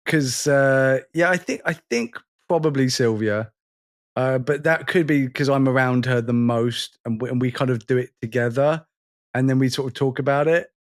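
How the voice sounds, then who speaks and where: A man's voice: medium pitch, moderate pace. A man co-hosting a podcast, talking in a hesitant way, repeating words and laughing easily. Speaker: podcast co-host. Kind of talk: casual chat.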